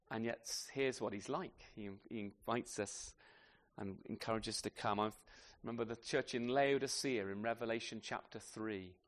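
A man preaching a sermon to a congregation with children, asking tag questions and swinging from loud emphasis to soft, quiet phrases. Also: medium pitch. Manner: animated, asks tag questions often.

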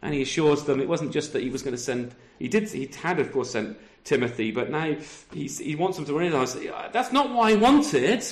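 A man's voice: fairly high pitch, expressive, a little fast, few pauses, roomy sound. A middle-aged man preaching a sermon over a video call, talking conversationally and often ending with tag questions. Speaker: pastor.

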